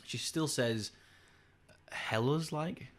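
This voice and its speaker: A young English man co-hosting a podcast, sweary and animated in loose, laughing banter. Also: fairly low pitch, moderate pace. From England. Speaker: podcast co-host. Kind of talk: casual chat.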